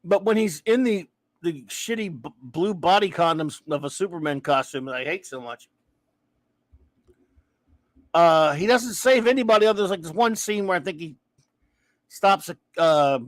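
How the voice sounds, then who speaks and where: Male host, high-pitched, dry close sound, rambling livestream rant with chat shout-outs. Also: lively intonation, moderate pace, pauses often, dry recording. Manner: ranting, restarting sentences, reading chat aloud.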